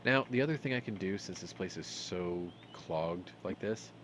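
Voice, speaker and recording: A man's voice: low voice, animated, normal speed, background noise. A man hosting a retro game let's-play, reading the story text aloud in put-on voices and adding jokey asides. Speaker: gaming let's-play host.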